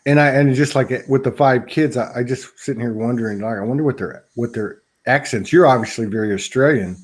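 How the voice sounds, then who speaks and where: A man's voice: mid-range voice, a little fast. A man hosting a casual interview, speaking reflectively and answering his guest with short affirmations. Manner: reflective, with small affirming responses. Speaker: host.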